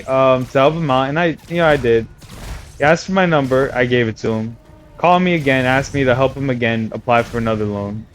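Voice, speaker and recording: A young man telling a rambling personal story in a casual, self-mocking way, full of fillers and restarts. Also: on the high side. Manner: chatty, meandering, self-mocking, many fillers. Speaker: vlogger.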